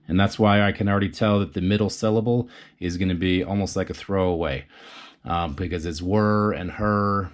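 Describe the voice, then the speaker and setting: Man, rhyme coach, low voice, unhurried, tries out rhymes aloud, casual tutorial.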